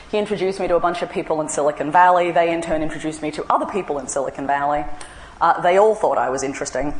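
A woman's voice: low voice, echoey room, a little hiss or hum, rough recording. An Australian woman in her forties gives a humorous talk, telling wry anecdotes with self-mocking asides. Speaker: speaker giving a talk. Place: large room with an audience.

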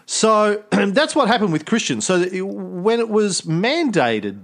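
A man's voice: high voice, big pitch swings, a little slow. Joking Australian man, rambling talk. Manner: rambling, jokey, with repeated restarts. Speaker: podcast host. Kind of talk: casual chat.

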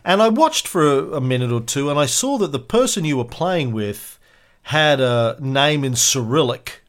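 Male podcast host, conversational storyteller, quick and loose delivery. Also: mid-range voice, lively intonation. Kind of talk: casual podcast chat.

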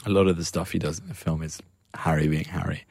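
Deep gravelly young English man. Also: fairly even intonation, fast, a little mellow, no room sound, studio quality. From England. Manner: playful, self-mocking, laughs often. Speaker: comedian and film writer guest. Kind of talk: casual interview chat.

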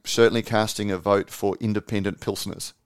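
A man co-hosts a podcast with a smooth, resonant voice, pitched a little low. He rambles casually, with many fillers and easy laughs, and is recorded dry and close. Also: fairly even intonation, a little fast, dry recording. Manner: rambling, many ums and uhs, laughs easily. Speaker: founder and editor, podcast co-host.

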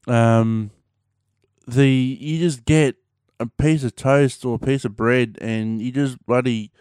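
Talking slowly to camera, this Australian vlogger keeps a steady tone in a medium-pitched, slightly mellow, clean voice. His chat is laid-back and rambling, sprinkled with slang and many fillers. Clean studio sound, no echo.

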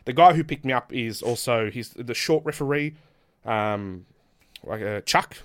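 Man, podcast guest, lively storytelling, laughs a lot, average pitch. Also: unhurried. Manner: animated, laughs often, acts out quotes. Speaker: guest pro wrestler.

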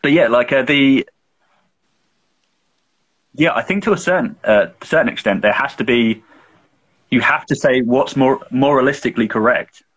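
This young man co-hosts a podcast and tells a long story in loose, rambling casual chat, swearing freely between fillers. His voice is husky, and the recording sounds muffled and lo-fi. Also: medium pitch, normal speed, long pauses, a bit bright. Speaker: podcast co-host.

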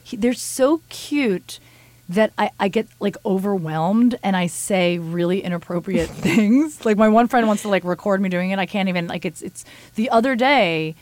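A woman's voice: medium pitch, moderate pace, dry recording. Casting: chatty woman host, rambling and laughing, dry close sound. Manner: animated, giggly, rambling with many restarts. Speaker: podcast host. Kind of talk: casual chat.

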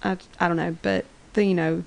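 A woman's voice: on the low side, steady tone, a little fast, vocal fry, darkish tone, rough recording. A woman co-hosting a fan podcast in a laid-back way, sharing research from her notes and recapping scenes. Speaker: podcast co-host. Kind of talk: casual fan podcast chat.

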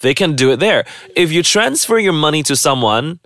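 A man co-hosting a podcast, telling a story in casual chat with quick, animated bursts. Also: a little high, dry recording, studio quality. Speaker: podcast co-host.

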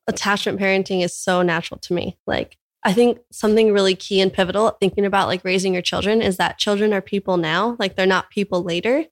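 Young woman, from California, podcast guest, rapid speech, earnest, lots of "like", casual interview. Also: medium pitch, steady tone. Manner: earnest, talks in long runs peppered with "like".

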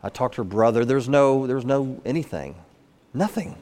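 A man's voice: medium pitch, animated, normal speed, darkish tone. A middle-aged man, a guest speaker, telling a personal story earnestly to an audience, repeating phrases as he goes. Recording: long hall reverb.

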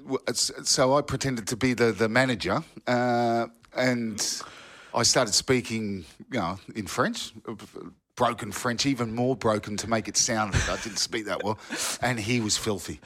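Australian male co-host, mid-pitched, rambling anecdotal storyteller. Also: moderate pace, a bit bright. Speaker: podcast co-host, former footballer. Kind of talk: casual storytelling chat.

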